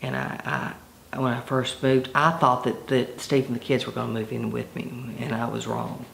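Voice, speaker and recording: A woman's voice: extremely low pitch, little pitch movement, vocal fry, recorded from a distance. Woman, documentary testimony, stop-start delivery, echoey room, a little off-mic. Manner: halting, repeats words, trails off. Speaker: interviewee telling her own story.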